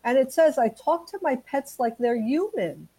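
A woman's voice: high-pitched, sing-song, normal speed, warm tone, breathy edge, no echo, poor audio. A woman co-hosting a casual chat show, telling light stories in a chatty, giggly way. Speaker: podcast co-host.

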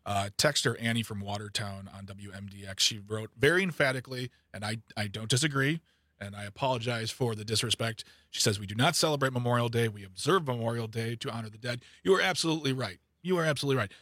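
A man filling in as a talk radio host, chatting casually and rambling with quick asides. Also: mid-range voice, a bit bright, dry recording, studio quality.

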